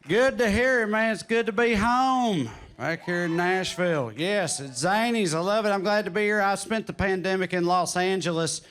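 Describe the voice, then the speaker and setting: A man in his thirties with a Southern drawl, doing stand-up on a comedy club stage, telling wry stories and putting on quick voices. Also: high-pitched, noisy background. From Tennessee. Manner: drawling, wry storytelling with sudden put-on quotes. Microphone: handheld stage mic.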